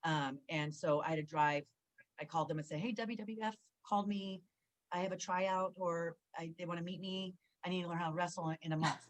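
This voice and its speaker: A woman's voice: lowish voice, brisk, low-quality recording. A woman in her forties from Southern California, a former wrestler, chatting as an interview guest and acting out what people said. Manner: animated storyteller, acts out quoted dialogue with many fillers. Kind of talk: casual interview chat.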